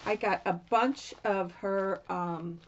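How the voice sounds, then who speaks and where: A woman's voice: mid-range voice, slow pace, lo-fi sound, slight background noise. A woman from Florida showing off her craft supplies in a casual, gushing chat, often trailing off with fillers. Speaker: craft vlogger. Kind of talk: casual show-and-tell chat.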